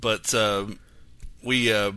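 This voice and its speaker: A man's voice: fairly low pitch, level tone, very slow, pushed and bright, clean tone, no room sound. A man, rambling through childhood stories in casual chat as a podcast host. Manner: rambling, self-correcting storyteller.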